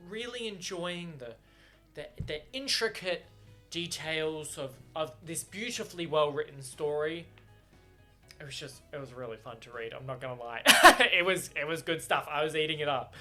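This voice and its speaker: Speaking casually on camera, a man reacts to a book he's reading, bubbly and giggly, with plenty of fillers and restarts. His voice is on the high side with a sharp tone, captured by the camera mic.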